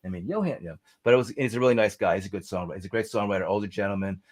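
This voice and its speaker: Man, deep voice, middle-aged, rambling storyteller, casual interview guest. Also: rapid-fire. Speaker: songwriter guest.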